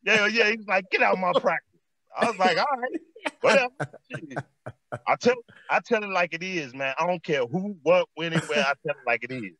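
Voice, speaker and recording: In a storytelling interview, a high-pitched man with a Chicago accent, an ex-basketball player, talks a little fast. His street storytelling is animated, with repeated phrases and frequent uses of "man," captured on a dry recording.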